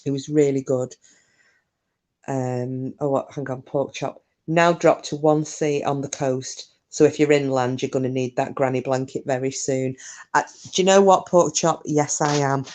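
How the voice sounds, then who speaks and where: A woman's voice: a bass voice, fairly even intonation, moderate pace, darkish tone. A woman chatting casually on a live stream, rambling through stories, answering comments and swearing mildly.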